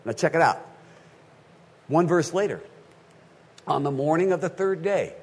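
A male pastor preaching a sermon in an animated way, often checking in with his listeners. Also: medium pitch, slightly rough.

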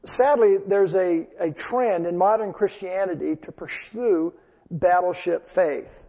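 A pastor preaching a sermon in a church sanctuary, earnest and storytelling. His voice is high and gravelly, with a husky edge, and it trails off into a long hall reverb. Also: slow, warm tone. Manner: storytelling, earnest, uses repetition for emphasis.

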